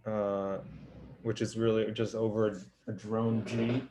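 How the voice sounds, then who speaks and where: A man's voice: lowish voice, level tone, measured pace, background noise. A man co-hosting a podcast, chatting enthusiastically about favorite songs, with plenty of ums and restarts. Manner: enthusiastic, hesitant with many ums. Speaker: podcast co-host, musician. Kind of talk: casual chat about music.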